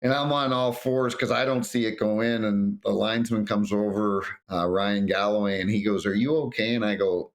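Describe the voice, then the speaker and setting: A middle-aged retired hockey referee, guesting on a podcast, tells anecdotes in a fairly low voice at a moderate pace with few pauses. He's an animated storyteller who acts out quotes and often restarts his sentences.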